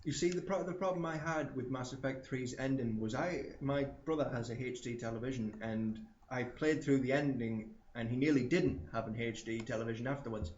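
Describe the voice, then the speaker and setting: Excitable guy on a gaming podcast, cusses a lot, roomy muffled sound with a bit of hiss. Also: medium pitch, fairly quick, few pauses. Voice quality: animated, swears freely, acts out silly voices. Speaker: podcast co-host. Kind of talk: casual gaming chat. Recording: echoey room, dull lo-fi sound, faint hiss.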